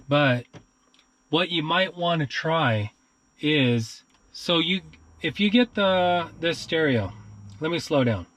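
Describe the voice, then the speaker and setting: A man casually walking viewers through a car stereo setup, talking to them directly in an informal way. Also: mid-range voice. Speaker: car stereo how-to vlogger. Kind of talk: casual how-to walkthrough. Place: outdoors near his car, then inside it.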